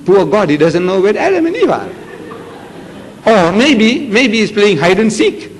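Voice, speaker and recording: An older man with a South African Indian accent lectures an audience, his fairly high voice rising and falling as he acts out the voices in his stories. The sound carries a long hall reverb with a faint hiss of background noise. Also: measured pace. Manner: animated storytelling, acting out voices with rising shouts. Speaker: Islamic lecturer.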